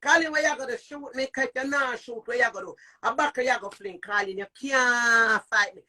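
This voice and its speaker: A middle-aged woman with a Jamaican accent, ranting on a live stream, cursing, shouting and repeating taunts. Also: on the high side, a little fast. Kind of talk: heated live-stream rant. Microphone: phone.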